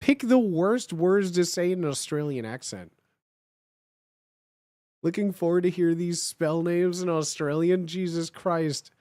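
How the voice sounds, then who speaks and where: A woman's voice: lowish voice, unhurried, mellow, dry recording, studio quality. A woman streamer reading fan fiction aloud live, breaking off into self-mocking, laughing, apologetic asides.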